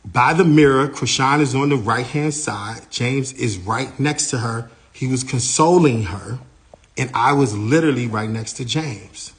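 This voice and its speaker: A man, a manager, giving a lively first-person account of an incident, his voice rising and getting louder as he gets heated. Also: a little slow. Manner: animated, grows louder and higher when heated.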